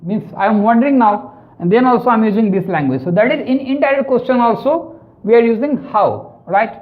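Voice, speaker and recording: A woman's voice: on the high side, brisk, phone-quality sound. A woman teaching an online grammar lesson, explaining step by step and often checking in with "right?". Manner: explanatory, tags lines with "right?". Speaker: English teacher.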